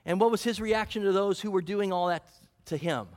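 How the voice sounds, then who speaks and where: Pastor, man, high pitch, earnest sermon delivery full of scripture quotes. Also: brisk, darkish tone. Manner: earnest preaching, quoting scripture, asking the congregation questions.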